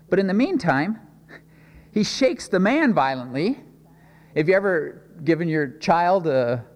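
A man's voice: on the high side, big-room sound. A man preaching a conversational sermon, asking rhetorical questions and often restarting his phrases. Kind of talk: expository sermon.

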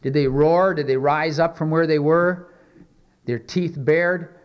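A man's voice: fairly high pitch, a little slow, clean tone, muffled recording. Man preaching with rhetorical questions. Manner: reads scripture aloud then explains it conversationally, with rhetorical questions. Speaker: pastor. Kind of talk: sermon.

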